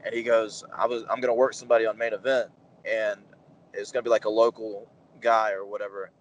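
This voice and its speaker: A man in his thirties, a wrestler as interview guest, telling animated stories and acting out the dialogue with lots of fillers. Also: lowish voice, a little fast, rough recording. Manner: animated anecdotes, acts out quoted dialogue, many fillers. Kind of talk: casual storytelling interview.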